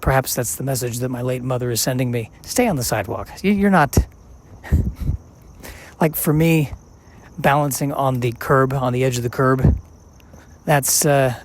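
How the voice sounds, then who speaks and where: A man in his forties talks casually to himself on a walk, circling back to his own questions and stumbling over restarts. His voice sits at an ordinary middle pitch, and faint outdoor noise hums behind him. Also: fairly even intonation. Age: 40s. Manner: musing, self-questioning, halting with restarts. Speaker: podcast host. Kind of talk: casual rambling monologue while walking outside. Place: outdoors, walking on a sidewalk.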